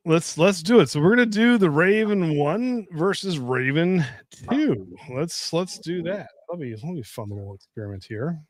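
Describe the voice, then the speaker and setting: Host, middle-aged man, casual and animated, dry close mic. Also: moderate pace, dry recording. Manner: animated storyteller, jumps up high when imitating others. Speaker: host of a whiskey tasting livestream. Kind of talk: casual livestream chat and storytelling.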